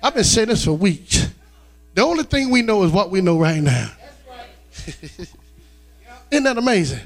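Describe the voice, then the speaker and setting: A man preaching a sermon in a church sanctuary, calling out to the congregation and breaking into a sing-song, shouted whoop. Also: high-pitched, very animated, normal speed. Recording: music playing under the voice.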